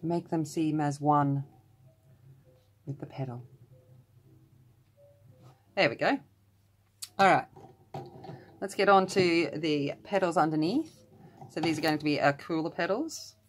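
An Australian woman with a low voice hosts a colouring channel, chatting through her colouring in a relaxed tutorial style. Slow with long pauses, she drifts into rambling side stories and teases herself. It sounds like a home room with the door closed, with a little hiss or hum.

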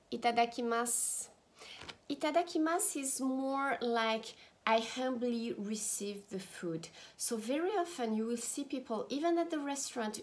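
A woman with a French accent, teaching travel phrases and repeating each one slowly and clearly, talking straight to her viewers. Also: fairly high pitch. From France. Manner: slow, careful pronunciation drills, repeating phrases; friendly, direct to the viewer. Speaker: language teacher.

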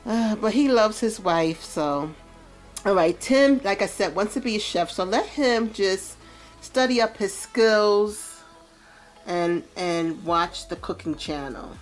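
A woman's voice: medium pitch, slow pace, soft background music. A woman giving casual let's-play commentary, chatting about what her game characters feel. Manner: chatty, narrates characters' feelings. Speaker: gameplay commentator.

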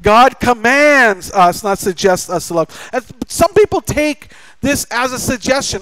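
A man's voice: extremely high pitch, expressive, measured pace, hardly any pauses, sharp tone, no echo, poor audio. A middle-aged man preaching a sermon as pastor, telling a family story with acted-out dialogue and joking with the congregation. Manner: jokey, chatty with the congregation. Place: church sanctuary.

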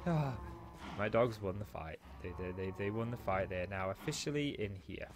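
A man's voice: sits low, brisk. A man in a small home office, chatting casually and rambling with self-mocking asides while he plays and comments on a game. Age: adult, father of a school-age daughter. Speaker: let's play host.

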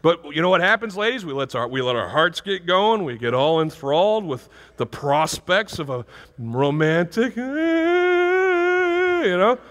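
A male pastor preaching a sermon in a church, animated and rising to loud emphasis. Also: a little high, moderate pace, long reverb tail. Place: church sanctuary.

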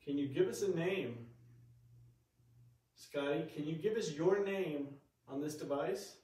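Man gently coaxing spirits, echoey room. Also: fairly high pitch, measured pace. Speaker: paranormal investigator. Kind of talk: ghost-hunting vlog chatter. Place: rooms of an old building under renovation. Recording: echoey room, mic at a distance.

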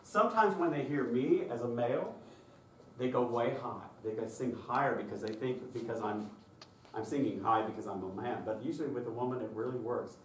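A man giving a conference workshop on children's singing, talking in a lively way and breaking into high falsetto to imitate children. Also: brisk. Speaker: choir director and workshop presenter. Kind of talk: conference workshop talk with sung demonstrations. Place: conference room. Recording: roomy distant recording with faint noise.

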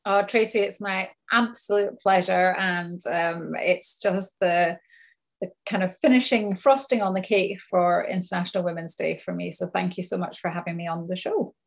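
A Scottish woman from Scotland, a coach appearing as an interview guest, speaking in a thoughtful, measured way with pauses and restarts. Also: lowish voice, fairly even intonation, vocal fry. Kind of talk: casual interview chat.

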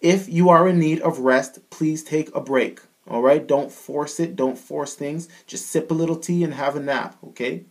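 A man's voice: fairly high pitch, steady tone, normal speed, few pauses, darkish tone. A man with a Canadian accent giving a casual singing lesson as a vocal coach, often checking in with the listener. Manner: casual, keeps checking in with "all right?".

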